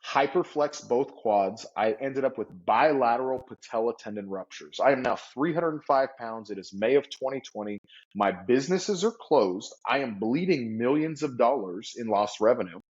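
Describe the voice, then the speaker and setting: Animated male storyteller, lo-fi. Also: medium pitch, moderate pace. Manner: animated, vivid storyteller acting out quotes. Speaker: guest entrepreneur. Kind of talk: storytelling in an interview. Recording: slightly dull lo-fi audio.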